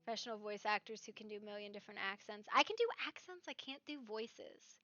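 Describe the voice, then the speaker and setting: A woman streamer chatting casually about a roleplay game, rambling and animated, often tagging "right?" onto her points. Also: medium pitch, fast, dry recording. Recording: slightly dull stream mic with faint music.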